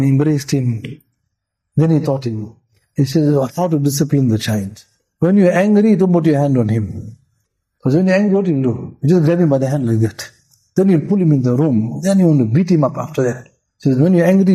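Male religious teacher, fairly high voice, very dark and mellow tone, informal sermon, repeats himself for emphasis. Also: a little fast, low-quality recording. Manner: acts out quoted speech.

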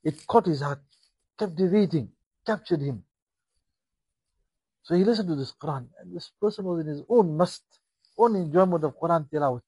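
A man preaching a sermon with a husky voice, impassioned, rising and falling in volume and acting out the dialogue he tells. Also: on the high side, normal speed, long pauses, mellow, no room sound, poor audio.

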